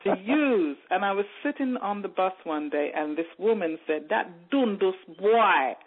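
A woman's voice: mid-range voice, moderate pace, breathy edge. A woman raised in England, an author telling her story in a radio interview and acting out the voices she heard. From born in Jamaica, raised in England. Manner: animated storytelling, mimics voices she overheard. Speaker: author guest. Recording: narrow phone-like radio sound.

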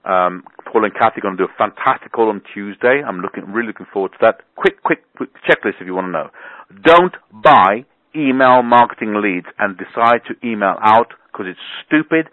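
Brisk and animated, a man with a lower voice hosts a conference call for business, and the tinny phone audio carries no echo. He talks casually, wanders a lot, and stresses ideas by repeating words.

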